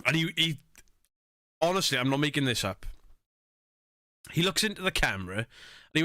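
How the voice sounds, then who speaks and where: A man's voice: on the high side, very animated, normal speed, long pauses, sharp tone, no room sound, clean studio sound. A man giving casual, sweary reaction commentary on stream clips, laughing and mocking himself.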